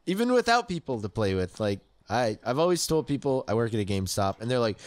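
Jumpy young gamer man, lively voice. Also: mid-range voice, fast, few pauses, clear, resonant tone. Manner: jumpy, yelps and shrieks when startled. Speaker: let's play gamer. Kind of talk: casual gameplay commentary.

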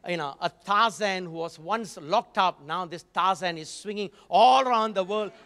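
A man's voice: high-pitched, moderate pace, pushed and bright, big-room sound. A man preaching a sermon, telling a story with frequent asides. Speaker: guest preacher.

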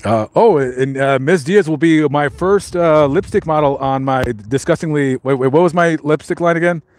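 A man's voice: fairly high pitch, moderate pace, a little mellow. A man casually chatting to his live stream viewers while walking around, rambling with lots of fillers and restarts. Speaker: vlogger reading live chat.

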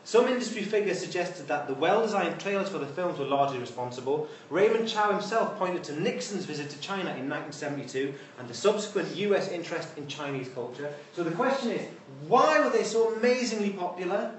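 A man's voice: high voice, expressive, brisk, few pauses, slight background noise. A man giving an informal university lecture with wry, conversational asides. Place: lecture hall. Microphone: distant room mic. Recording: echoey hall from far off.

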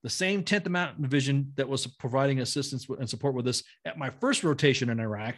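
A man's voice: mid-range voice, a bit bright. A middle-aged man for whom English is a second language, telling stories bluntly and profanely in casual conversation. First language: not English. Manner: blunt, profane, quick-talking. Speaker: podcast guest, retired army sergeant major. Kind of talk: casual storytelling.

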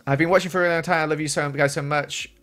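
A man's voice: fairly high pitch, fairly even intonation, fast talker, a bit bright, soft background music. A young man streaming a game, chatting casually and answering chat questions from a small room at home. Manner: chatty, reads chat aloud and answers while playing.

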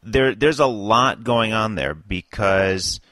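A man co-hosting a political podcast who asks his questions in a dry, measured way. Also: on the low side, bright, forceful tone. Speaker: podcast co-host. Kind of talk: casual political podcast chat.

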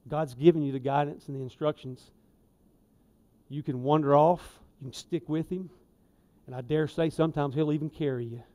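A man preaching a sermon in a church, folksy and conversational, with emphatic asides and swings in loudness. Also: a little high, steady tone, normal speed. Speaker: lay preacher. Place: church sanctuary.

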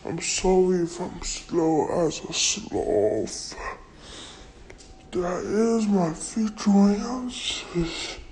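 Woman as a sleepy old turtle, crawling slow delivery, soft dark tone. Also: lowish voice, animated, a little hiss or hum, low-quality recording. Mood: drowsy. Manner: slow, drawn-out rambling.

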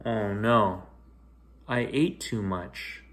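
Slow, gentle man reading a bedtime story. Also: fairly low pitch. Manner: gentle, expressive reading with sing-song rises and hushed drops. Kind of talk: bedtime story read-aloud.

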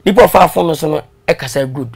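A man being interviewed, telling his story in a casual, animated way and switching into English now and then. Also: on the high side, fast. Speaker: guest.

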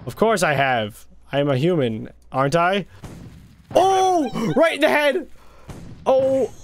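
Excitable young man, high lively voice. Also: slow pace, a little hiss or hum. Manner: excitable, gasping and exclaiming, playful taunts. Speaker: gaming video host. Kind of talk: casual gameplay commentary. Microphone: desk microphone.

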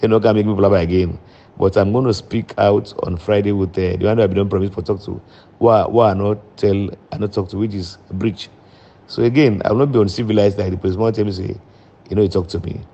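A man's voice: on the low side, steady tone, fast talker, mellow. A middle-aged man with a Sierra Leonean, Krio-inflected accent, giving a repetitive, reassuring public statement to supporters and the press. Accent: Sierra Leonean, Krio-inflected English. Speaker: former government minister. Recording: dull lo-fi recording.

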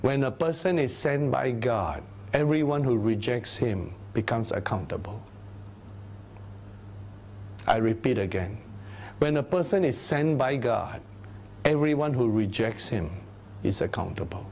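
A man teaching a Bible study sermon, animated, sometimes dropping into low, grave tones. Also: a little slow, long pauses, slight background noise. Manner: animated, acts out crowd voices in a raised voice; drops to low, grave tones for solemn points.

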